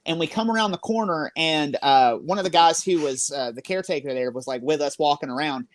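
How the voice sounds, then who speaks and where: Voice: medium pitch, brisk. A paranormal investigator telling a story in a rambling way, full of fillers like "like" and "you know". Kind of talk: casual storytelling in a group interview.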